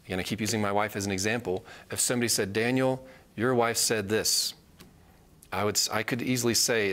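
A man's voice: fairly low pitch, steady tone, fairly quick, a bit bright. A man teaching a live Bible study, earnest and repeating key phrases for emphasis.

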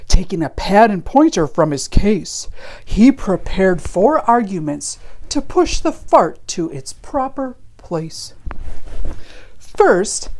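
A woman reading a rhyming children's picture book aloud with playful, expressive storytelling. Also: lowish voice.

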